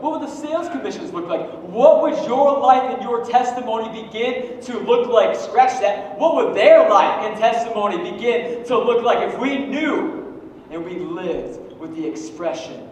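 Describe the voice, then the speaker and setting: A man in his thirties preaching a sermon, swinging from loud, emphatic peaks down to quiet joking asides. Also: very high-pitched, slight background noise. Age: 30s. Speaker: pastor. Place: church hall. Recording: echoey hall from far off.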